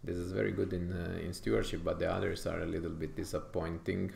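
A man's voice: deep voice, flat delivery, quick pace, gravelly, a little mellow, echoey room. A man from Italy with an Italian accent, thinking aloud with frequent fillers as he comments on his strategy game playthrough. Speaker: gaming YouTuber.

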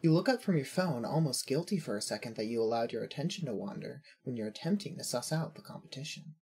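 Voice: mid-range voice, animated, quick pace, darkish tone, slightly rough. A narrator reading second-person fanfiction in a wry, observant way.

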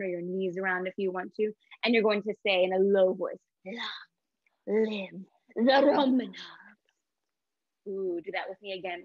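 A woman teaching artist leading a guided movement warm-up for children, upbeat and sing-song as she calls out each step. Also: mid-range voice, no room sound, muffled recording. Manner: upbeat, sing-song, leads call-and-response with voices.

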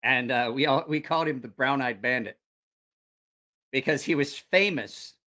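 A man's voice: medium pitch, moderate pace, bright, forceful tone. A man hosting a casual livestream, telling rambling, profane stories and reacting to viewer comments. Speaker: channel host.

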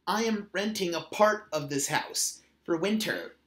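A man's voice: high voice, animated, measured pace, fairly bright tone. A man doing a curt, sleepy skunk. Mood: grumpy. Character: grumpy, rude male skunk. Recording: roomy echo.

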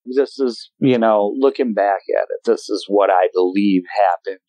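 A man in his forties from Wisconsin, a guest telling his story in an animated, emotional way and acting out voices in sudden high bursts. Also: normal speed, dry recording, low-quality recording. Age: 40s. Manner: emotional, voice shaking at times. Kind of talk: casual storytelling.

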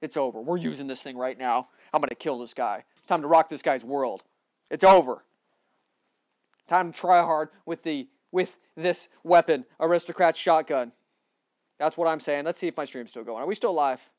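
A man giving excitable live gameplay commentary, boasting, repeating himself and bursting into loud yelling. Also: fairly high pitch, moderate pace, dry recording, studio quality. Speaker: gaming livestreamer.

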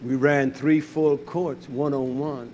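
Older man, preacher, animated sermon, loud bursts and quiet asides, mid pitch, faint background hiss. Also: slow, lo-fi sound.

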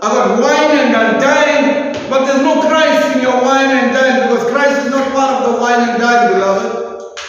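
A man's voice: extremely high pitch, unhurried, a bit bright, slight background noise. A man with a South African accent preaching a sermon as pastor, emphatic, with sing-song rises and repeated phrases. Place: church hall. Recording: echoey hall from far off, dull sound.

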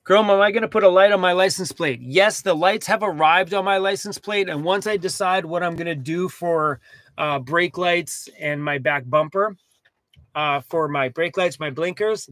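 Young man, slightly high voice, dry close sound, casual chat, animated. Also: no room sound. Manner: chatty, animated, talks to his dog. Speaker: van life vlogger. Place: inside a cargo van.

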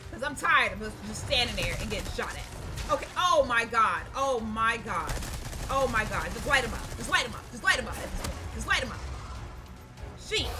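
Excitable woman yelling through a game. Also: fairly high pitch. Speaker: gaming channel host. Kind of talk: casual let's-play commentary. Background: game music.

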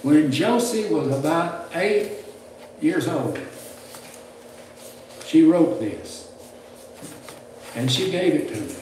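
A man's voice: a little high, expressive, takes it slowly, pauses often, a little mellow, a little hiss or hum. An older man, teaching preachers in a folksy, rambling sermon style with restarts and chuckles. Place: church classroom. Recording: roomy, distant mic with faint ambience.

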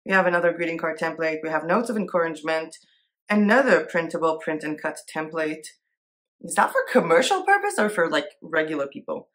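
Chatty woman with a lowish voice. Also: very animated, a little fast, a bit bright. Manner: chatty, thinks aloud, giggles easily. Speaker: Etsy seller and art vlogger. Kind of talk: casual screen-share commentary.

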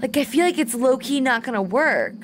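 A woman's voice: high-pitched, lively intonation, fairly quick. A young woman streaming a horror game, talking nervously to herself, jumpy and swearing as she plays. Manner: nervous self-talk. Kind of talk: horror game let's play commentary. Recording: noisy background.

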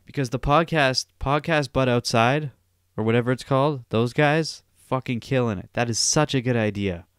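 Young male podcaster, solo rant, crisp dry voice, swears a lot, rambles. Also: mid-range voice, normal speed, no echo. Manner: profane, rambling, animated storytelling. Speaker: podcast host.

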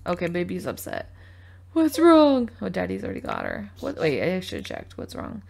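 Woman host talking through her gameplay, animated, slightly gravelly, over loud game music. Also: on the low side, moderate pace, a little hiss or hum. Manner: chatty, scolding her game characters. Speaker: gaming video host. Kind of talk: casual gameplay commentary. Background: game music and baby cries.

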